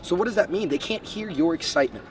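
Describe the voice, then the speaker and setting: Young male sales coach, quick and punchy, slightly high, recorded from afar outside. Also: animated. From Bahamas. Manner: brisk, emphatic, lays out numbered steps. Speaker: sales trainer. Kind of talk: motivational coaching talk. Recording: distant mic, faint street noise.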